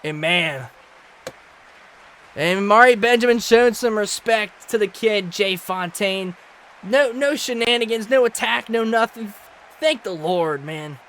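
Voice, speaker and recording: A man calling a wrestling match play-by-play, energetic and often shouting. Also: high-pitched, unhurried. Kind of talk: excited play-by-play commentary.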